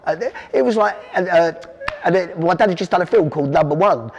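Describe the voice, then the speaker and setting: Fast-talking South London man. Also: sits high, expressive, darkish tone, dull audio, a little hiss or hum. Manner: rambling anecdotes, quoting his father. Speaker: podcast guest. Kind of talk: storytelling interview.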